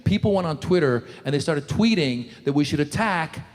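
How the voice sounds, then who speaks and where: A male stand-up comedian doing a live set, mocking and quick, talking straight to the crowd on a handheld mic. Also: on the high side, animated, long reverb tail. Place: live comedy stage before an audience.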